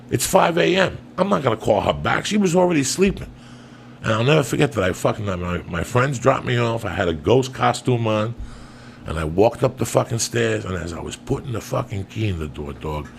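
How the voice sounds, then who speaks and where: A man hosting a podcast, telling a long personal story in casual, profanity-laced talk, swinging between loud bursts and hushed asides. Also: on the low side, vocal fry, slight background noise. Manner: profane, animated storyteller who drops to hushed tones for quotes. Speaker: podcast host.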